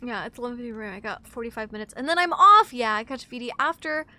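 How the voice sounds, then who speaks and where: Woman, twenties, sick and sleepy, streamer chat, piercing bright tone. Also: fairly high pitch. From Wisconsin, USA. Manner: chatty, scattered, quick swings into loud excited outbursts. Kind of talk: casual live-stream chat while gaming.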